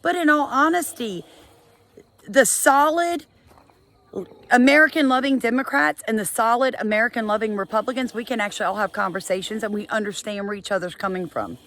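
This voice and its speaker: A woman's voice: brisk, fairly bright tone. A middle-aged woman, delivering an exasperated, emphatic scolding monologue to her viewers. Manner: scolding, exasperated, emphatic with sudden high bursts. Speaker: homesteading vlogger. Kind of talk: impassioned monologue to camera.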